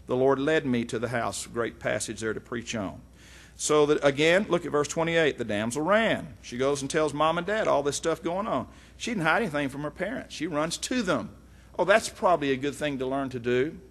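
A middle-aged man, teaching from the Bible in a folksy, animated way with frequent asides. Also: mid-range voice. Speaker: preacher.

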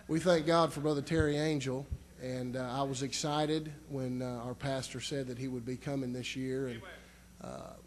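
A man, a minister, introducing a guest preacher with halting, heartfelt praise. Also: on the high side, a little mellow, slight background noise. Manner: halting, full of fillers, heartfelt. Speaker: youth conference minister introducing the speaker. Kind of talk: sermon introduction.

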